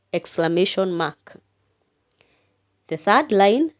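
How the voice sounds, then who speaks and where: Woman teacher, lively pitch, slow careful delivery, reads verse and calls out punctuation. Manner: slow and deliberate, dictating punctuation, expressive. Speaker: English teacher. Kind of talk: recorded lesson, reading a poem aloud.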